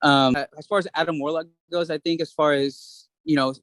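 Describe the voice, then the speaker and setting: Male podcast co-host, a bit high-voiced, joking, dry close recording. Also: steady tone, a little fast, fairly bright tone, dry recording. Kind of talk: casual chat.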